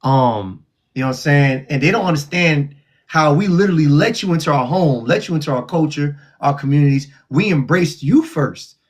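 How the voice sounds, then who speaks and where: A man hosting a live call-in show, mocking and loud, laughing between trash talk. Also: a little high, normal speed.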